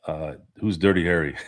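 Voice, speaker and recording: Man, sports stream host, lowish voice, rambling, swears, laughs a lot. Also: a bit bright. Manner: rambling, profane, laughs often. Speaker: podcast host. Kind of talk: casual sports chat reading live chat.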